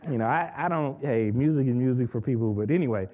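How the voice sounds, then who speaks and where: A man giving an excitable testimony in church, laughing often and repeating his words as he tells the story. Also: mid-range voice, fast talker, muffled recording.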